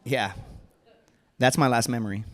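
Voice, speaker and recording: A man's voice: medium pitch, normal speed. A man in his thirties telling a true story on stage, casual and joking, with slangy asides and chuckles. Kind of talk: live personal storytelling. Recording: reverberant hall.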